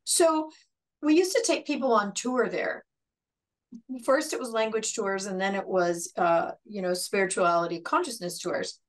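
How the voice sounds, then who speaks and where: An American woman co-hosting a talk podcast, explaining calmly in a casual way. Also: medium pitch, a little slow. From United States. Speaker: podcast co-host.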